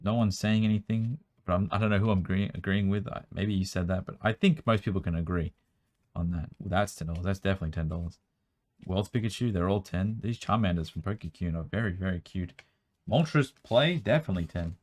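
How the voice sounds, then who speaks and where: A young man with a strained, worn-out voice, chatting quickly as he sorts through a card collection at home, with bursts of excitement. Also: low-pitched. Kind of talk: casual running commentary while sorting cards. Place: room at home.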